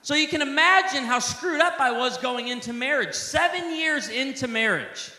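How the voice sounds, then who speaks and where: A man in his forties giving a humorous sermon to a live audience, telling animated, joking stories in a large hall. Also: extremely high pitch, normal speed. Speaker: pastor and speaker. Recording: echoey live hall with faint ambience.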